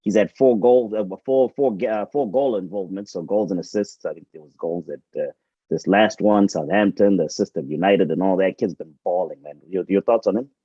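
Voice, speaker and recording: A man co-hosting a football chat, talking casually and often restarting his words. His voice sits fairly low. The sound is dry and somewhat muffled and lo-fi. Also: brisk, warm tone, husky, dry recording. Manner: hesitant, repeats words while thinking. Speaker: co-host.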